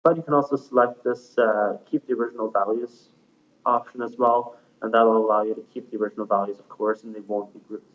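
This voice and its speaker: Man talking through software steps, tinny audio. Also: lowish voice, fairly even intonation, fast. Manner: plain, step-by-step with frequent fillers. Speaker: software tutorial presenter. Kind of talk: screencast software walkthrough.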